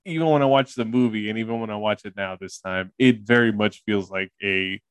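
A man's voice: on the low side, brisk, smooth, no room sound. Man, young adult, podcast host, casual rambling chat, laughs a lot, dead dry sound. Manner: laughing, filler-heavy, rambling.

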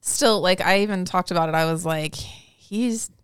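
A woman's voice: on the low side, fairly even intonation, a little fast, fairly bright tone, smooth, no echo, clean studio sound. A woman co-hosting a podcast in casual chat, mostly agreeing and hedging with fillers. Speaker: podcast co-host. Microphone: studio podcast mic.

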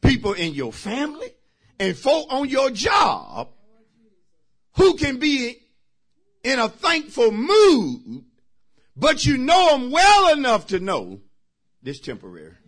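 High, lively pastor preaching. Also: male voice, slow pace, long pauses. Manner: emphatic preaching with sudden shouted bursts; talks directly to the congregation. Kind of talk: sermon.

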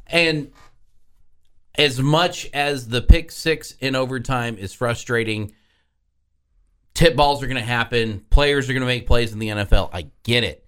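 A man's voice: mid-range voice, measured pace, fairly bright tone, smooth. A man hosting a sports talk radio show, talking in an exasperated, sarcastic way.

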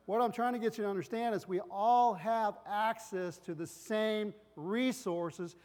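High-voiced man preaching in a reverberant hall. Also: normal speed. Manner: rambling, loses his place, acts out loud family voices. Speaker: pastor. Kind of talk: sermon with personal stories.

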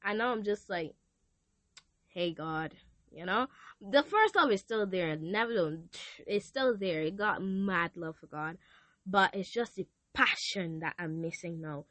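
A teenage girl with a mid-range voice hosts a podcast, talking casually about faith at a measured pace with no room sound. She comes across as earnest and confessional, and she gets animated when quoting.

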